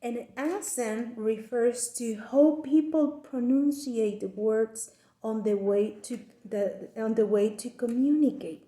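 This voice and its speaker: A woman giving a class presentation, explaining with careful, deliberate phrasing and frequent restarts. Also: fairly high pitch, mellow. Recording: echoey room.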